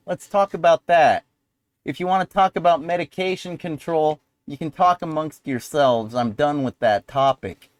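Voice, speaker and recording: A man's voice: on the high side, unhurried, low-quality recording. A man vlogging in a rambling, profane, sardonic rant. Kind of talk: rambling monologue to camera.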